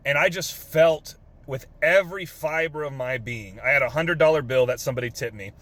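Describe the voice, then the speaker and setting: A man's voice: a little high, fairly quick, fairly bright tone, no echo. A young man from Texas with a drawl, earnestly telling an emotional story in his car, swearing casually with lots of fillers. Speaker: vlogger. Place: parked car.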